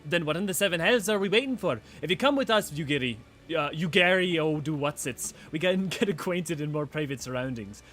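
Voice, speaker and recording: A man's voice: fairly high pitch, lively intonation, a little fast, fairly bright tone, faint music behind, voice pushed up. A man voicing a swaggering male pirate rogue leader in a put-on accent, boisterous and bawdy. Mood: brash.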